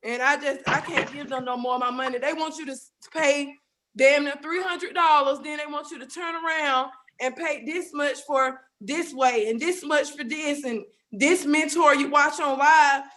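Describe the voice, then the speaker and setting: A woman's voice: high voice, fairly even intonation, moderate pace, fairly bright tone. A woman caller on a group call, tearful and emotional, thanking the hosts in a rambling way. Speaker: caller who won a raffle.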